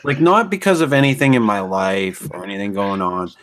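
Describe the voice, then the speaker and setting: A man's voice: lowish voice, big pitch swings, fairly quick, heavy background noise. A man co-hosting a podcast from home over an online call, profane and teasing, with a mock-dramatic streak. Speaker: podcast co-host. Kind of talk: casual chat.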